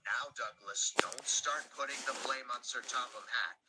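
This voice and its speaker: A man voicing a very old, kind male steam engine who talks gently and patiently, in a noisy home recording. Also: medium pitch, a little slow, pitched above the performer's own voice, lightly acted. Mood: weary gentle.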